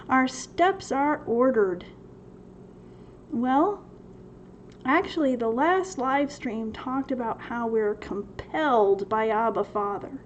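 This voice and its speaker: Woman, high voice, slow and unhurried, livestream Bible study host, laughs a lot, slightly muffled audio, faint hiss. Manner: laughs often, reads chat questions aloud. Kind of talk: livestream Q&A teaching. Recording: slightly dull sound with faint noise.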